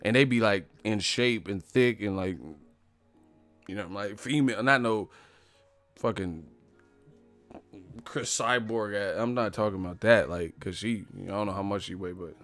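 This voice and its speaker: A man's voice: lowish voice, moderate pace, pauses often, a bit bright, no room sound, faint music behind. Laughing, profane man ranting about boxing. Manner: profane, laughing often, mocking riffs. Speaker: boxing commentator. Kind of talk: casual comedic rant.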